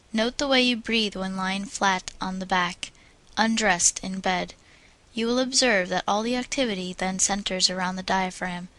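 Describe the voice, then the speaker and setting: A woman narrating an audiobook on public speaking, reading in a measured, instructive way and drawing out the vowels in her practice drills. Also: medium pitch, a bit bright, no echo, rough recording.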